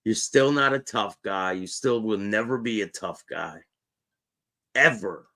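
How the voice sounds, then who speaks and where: A male host with a gravelly voice heckles the clip he is playing, drawing out his words slowly. His delivery swings widely in pitch as he mocks and needles. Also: expressive, sharp tone. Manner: mocking, heckling. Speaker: show host. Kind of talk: reacting to a played clip.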